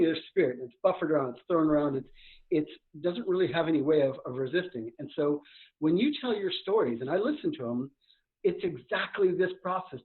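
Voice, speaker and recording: A man coaching live on a podcast, talking a million miles an hour. His voice sits a little high, and it comes through a narrow, tinny remote line. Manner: fast, energetic, talks a million miles an hour.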